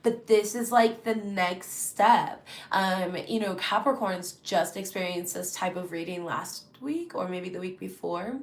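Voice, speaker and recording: A woman giving a casual, chatty tarot reading, animated and full of fillers. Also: on the low side, unhurried, few pauses, reverberant. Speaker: tarot reader.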